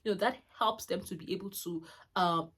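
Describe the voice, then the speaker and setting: A woman's voice: mid-range voice, brisk, husky. Chatty woman sharing parenting tips. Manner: warm-hearted, chatty, lots of fillers and restarts. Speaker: channel host, mother. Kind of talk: casual parenting talk to camera.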